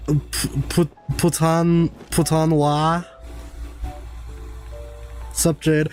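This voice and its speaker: Young guy streaming a game, kinda high voice, swears a lot, faint game music behind. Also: animated, a little slow. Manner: chatty, swears a lot, chats with viewers. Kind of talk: casual gameplay commentary.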